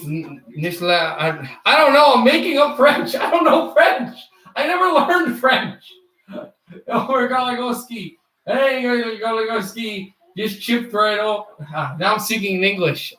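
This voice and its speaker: A man doing mock hockey play-by-play on a live stream, calling fast with bursts of shouting and imitating broadcasters. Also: high voice, recorded from a distance. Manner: excitable, rapid calls with bursts of shouting. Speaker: livestream host doing play-by-play. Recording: echoey room, off-mic.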